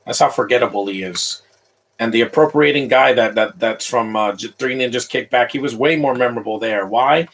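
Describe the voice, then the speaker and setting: A man's voice: mid-range voice, brisk, a bit bright, poor audio. A man in his thirties giving casual, opinionated live commentary over a movie, rambling with frequent restarts.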